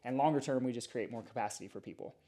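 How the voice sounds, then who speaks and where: A middle-aged man, a chiropractor, explaining and telling stories in a casual podcast interview, talking in a lively, animated way. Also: medium pitch, racing. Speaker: chiropractor guest.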